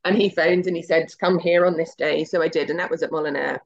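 Woman, middle-aged, gravelly voice, chatty storyteller doing voices for quotes, bit muffled audio. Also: deep voice, steady tone, quick pace. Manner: chatty and anecdotal, acts out quoted dialogue. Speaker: guest, television executive. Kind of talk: casual interview storytelling.

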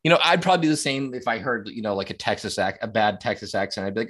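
A man's voice: fairly low pitch, animated, rapid-fire, a bit bright. A man in casual podcast talk, meandering and profane. He trips over his own starts and circles back to his points. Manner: rambling, profane, many restarts. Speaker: podcast co-host.

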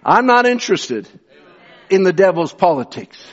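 A man preaching an impassioned sermon, swinging from fervent shouts to hushed asides and repeating phrases for emphasis. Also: high-pitched, sing-song, moderate pace. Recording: dull lo-fi sound.

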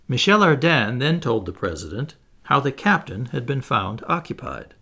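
Male narrator for a classic adventure audiobook; gravelly texture, lively melodic delivery, pitches up for dialogue. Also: normal speed, few pauses. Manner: lively reading, raises pitch for quoted characters. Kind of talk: audiobook reading of a classic novel.

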